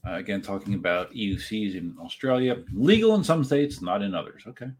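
A man's voice: on the low side, sing-song, fairly quick, slightly rough. A man hosting a casual livestream, reading viewer comments aloud and rambling in reply. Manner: rambling, chatty, reads chat aloud and answers. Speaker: livestream host. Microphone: desk setup while live streaming.

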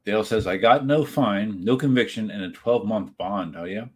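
Man, livestream host, low husky voice, chatty, reads chat comments and answers them. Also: moderate pace, darkish tone. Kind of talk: casual livestream chat reading viewer comments. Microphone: desk setup while live streaming.

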